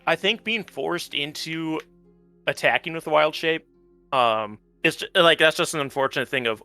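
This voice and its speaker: A man who played in a tabletop game, talking it over in a relaxed, rambling way with many ums. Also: fairly high pitch, moderate pace, no room sound, soft background music. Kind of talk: casual post-series chat.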